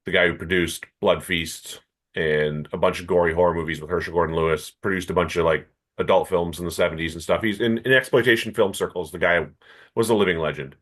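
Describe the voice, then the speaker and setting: A man co-hosting a comics podcast, telling anecdotes in a relaxed, casual way. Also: low-pitched, a little fast. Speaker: podcast co-host. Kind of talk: casual chat, storytelling.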